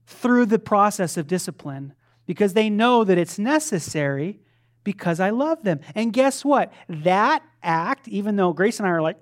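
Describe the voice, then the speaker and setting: A man preaching a sermon, moving between loud fervent declarations and soft, conversational asides. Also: sits high, lively intonation, moderate pace. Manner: acts out quoted voices of his children playfully. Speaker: pastor.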